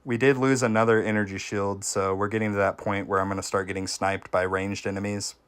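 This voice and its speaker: A man streaming a game, giving casual gameplay commentary and chatting with viewers, with sudden excited reactions. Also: fairly low pitch, brisk, smooth.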